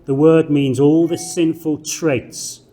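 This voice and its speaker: A man giving a slow, deliberate theology lecture in a classroom, reading scripture aloud and stressing key words. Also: fairly high pitch, fairly even intonation, mellow. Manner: slow, deliberate, emphatic delivery with measured pauses.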